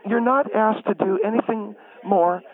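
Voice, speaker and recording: A man's voice: high-pitched, a little slow, pitched above the performer's own voice. A man voicing an indignant older woman homeowner who snipes and insults others. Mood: huffy. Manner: huffy, insulting, talks over others. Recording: tinny phone line.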